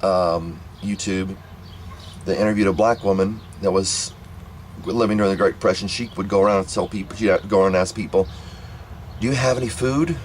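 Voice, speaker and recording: A man with a fairly low voice tells a story in a loose, rambling way. He often circles back and restarts his sentences, and faint background noise sits under his voice. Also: little pitch movement, a little fast, rough recording. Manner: rambling, repetitive, many restarts. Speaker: vlogger telling a family story. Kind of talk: casual storytelling monologue.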